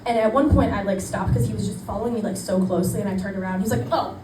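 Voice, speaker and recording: Young female stand-up, animated storyteller, echoey noisy room, mic a bit far. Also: medium pitch, racing. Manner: chatty, self-deprecating, animated quoting. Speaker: stand-up comedian. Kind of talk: stand-up set. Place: small club stage. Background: audience laughter.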